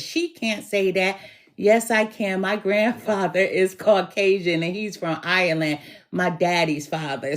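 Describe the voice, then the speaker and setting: Middle-aged woman, tarot reader, hoarse, slow and emphatic, encouraging. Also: mid-range voice. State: hoarse from bronchitis, coughing. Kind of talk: tarot reading.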